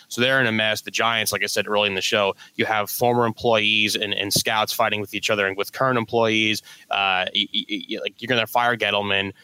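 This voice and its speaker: A man co-hosting a sports talk show, running quickly through clipped takes with stumbles and restarts. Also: lowish voice, pushed and bright, smooth, no room sound, low-quality recording. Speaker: sports podcast co-host.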